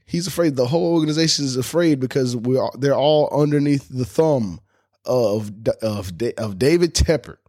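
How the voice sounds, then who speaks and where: A man hosts a fan sports podcast in a fired-up, indignant rant. He curses freely and sounds fed up. His voice sits at a plain middle pitch for a man. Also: normal speed, a little mellow. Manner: heated, indignant, cursing freely. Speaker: podcast host.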